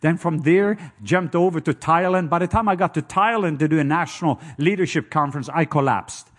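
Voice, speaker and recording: A man's voice: on the high side, fairly quick, fairly bright tone. A man with a Norwegian accent preaching a sermon, telling stories and joking with the congregation. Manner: storytelling, playful asides to the congregation.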